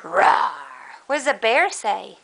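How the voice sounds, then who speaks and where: A woman's voice: medium pitch, a little slow, creaky, heavy background noise. A woman in a home video patiently asking a small child what sounds animals make, in a sing-song way. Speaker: parent quizzing a toddler.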